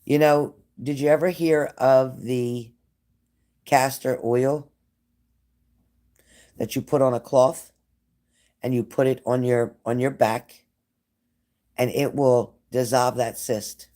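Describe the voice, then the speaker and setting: Medium in pitch with a dark, steady tone, the man speaks slowly and pauses often. A psychic tarot reader, he's live-streaming a casual reading from home beside a glass sliding door, addressing a viewer directly with chatty asides along the way.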